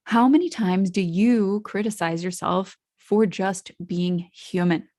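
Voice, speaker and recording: A woman's voice: medium pitch, slow pace, hardly any pauses, dark tone. A woman hosting her own podcast in a solo monologue, reflective and asking the listeners questions. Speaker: podcast host.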